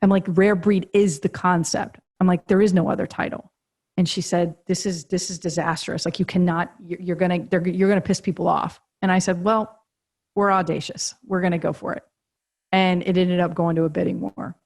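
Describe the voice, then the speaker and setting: A woman's voice: on the low side, little pitch movement, a little fast, vocal fry, darkish tone. A woman guest on a podcast interview, telling a story animatedly, laughing often and acting out quoted dialogue. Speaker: guest, agency co-founder and author. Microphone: podcast remote call.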